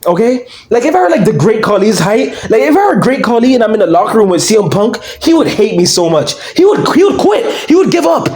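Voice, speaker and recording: A young man hosting his own channel, ranting in casual commentary, loud and excitable, swinging between shouting and mumbling. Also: sits high, a little fast, hardly any pauses. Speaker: channel host.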